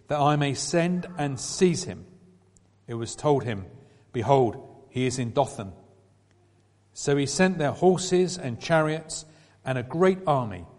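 A man's voice: mid-range voice, a little mellow. Man reading scripture in a reverberant hall. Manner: measured, lifting his voice for quoted speech. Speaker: scripture reader.

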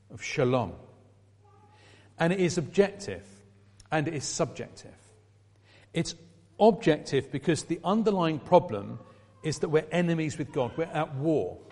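A man's voice: a little high, a little mellow. A middle-aged man preaching a sermon in a church, talking conversationally and making asides to the congregation. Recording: long reverb of a church hall.

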